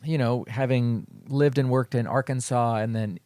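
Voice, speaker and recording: A man co-hosting a podcast, chatting casually with deadpan humor. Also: medium pitch, moderate pace, dry recording. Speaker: podcast co-host. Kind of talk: casual chat.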